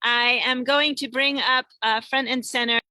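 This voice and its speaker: On a road trip, a woman parked in her car hosts an online singing show by video call, chatting brightly and reading aloud numerous viewer names. Her voice sits on the high side, steady in tone, forceful and bright, and a little slow. No echo is heard.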